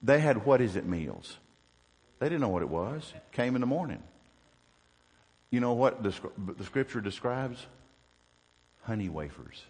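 A man preaching a sermon as a Baptist preacher, telling the story with animated questions to the congregation. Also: mid-range voice, measured pace, long pauses, husky, long reverb tail.

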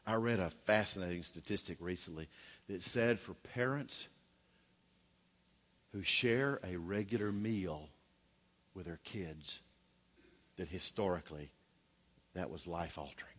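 Bright-voiced folksy preacher man. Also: low-pitched, a little slow, pauses often. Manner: folksy, joking asides, rhetorical questions. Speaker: pastor. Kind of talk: sermon.

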